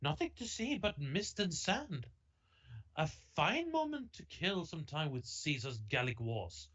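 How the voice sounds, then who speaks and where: A man reading the part of a male priest who tutors a boy at sea, in a measured read-aloud manner. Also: on the high side, huge pitch swings, fairly bright tone, highs cut off, pitched above the performer's own voice, exaggerated voice. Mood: instructive.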